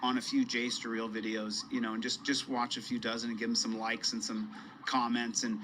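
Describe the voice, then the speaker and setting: A man's voice: medium pitch, flat delivery, a little fast. Rambling male livestreamer, faint background hiss. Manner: rambling, repeats himself, greets viewers. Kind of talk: casual live stream chat.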